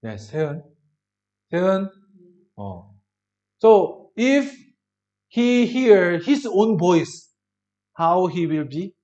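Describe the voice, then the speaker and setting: A male preacher giving a sermon in broken English. He often asks the congregation rhetorical questions and swings between loud emphasis and soft drops. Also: high-pitched, very animated, extremely slow, long pauses, dull audio.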